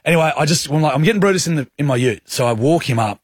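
A man's voice: a little high, rapid-fire, hardly any pauses, husky, no echo. An Australian man hosting a radio show, telling a story animatedly in casual banter and acting out what he said. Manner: animated storyteller acting out his own quotes. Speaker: radio host. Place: radio studio. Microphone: studio mic.

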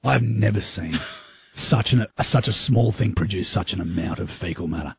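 A young Australian man co-hosting radio, telling a rambling, self-mocking story in a husky voice. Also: deep voice, moderate pace, no echo. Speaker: radio co-host. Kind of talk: casual storytelling chat. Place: radio studio.

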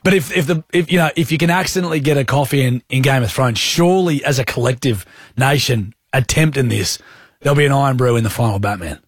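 A man's voice: mid-range voice, husky, no room sound, studio quality. A man co-hosting a radio drive show, joking with his co-host and reading quiz questions. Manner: jokey, quick, matey.

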